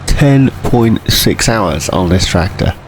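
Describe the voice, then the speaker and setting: A man giving casual, rambling commentary over a farming game, often clearing his throat. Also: lowish voice, expressive, takes it slowly, slight background noise. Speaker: gameplay commentator.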